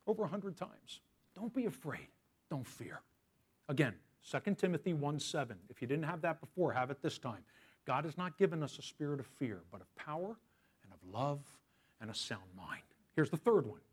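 A man preaching a sermon as pastor. He asks the congregation questions, slows down on key phrases and swings from loud emphasis to hushed whispers. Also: on the high side, lively intonation, breathy edge.

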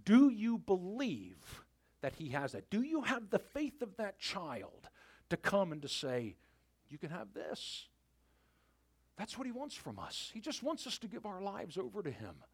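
A pastor preaching to his church, his voice pitched high and swinging widely as he tells the story. He animates the telling and then drops to a hushed near-whisper to land his point. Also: wildly swooping pitch, moderate pace, husky. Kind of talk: sermon.

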